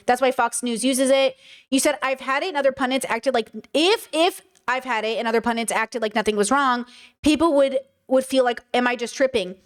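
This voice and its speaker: A woman giving reaction commentary, chatty and direct as she lectures her viewers. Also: high-pitched. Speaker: commentary vlogger.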